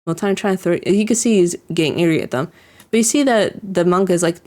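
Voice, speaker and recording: Quick and warm, this fairly low-pitched woman's voice delivers casual reaction commentary on an anime episode. She rambles freely, keeps saying "like," restarts often, and lets out chuckles while recounting scenes.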